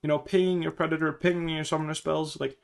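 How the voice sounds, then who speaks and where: A man with a rough, gravelly voice coaching a player through a game review at a quick clip. He is blunt, curses often and acts out little scenes to make his point. His tone stays casual and direct. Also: a little high, little pitch movement, crowd noise.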